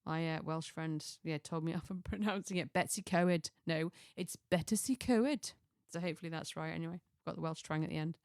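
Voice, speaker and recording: A woman's voice: low-pitched, little pitch movement, quick pace, few pauses, a little mellow, smooth, dry recording, studio quality. A middle-aged woman from Chester, chatting casually through a list of ideas, rambling and restarting with chuckling asides. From Chester, England. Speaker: lifestyle vlogger.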